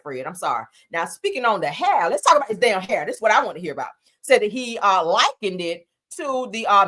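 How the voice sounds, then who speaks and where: A woman's voice: mid-range voice, bright, forceful tone. A woman hosting a live stream, reading the news aloud and reacting to it in a sassy, emphatic way, cussing and talking straight to her viewers. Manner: sassy, emphatic, cusses, talks to viewers as y'all. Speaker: host.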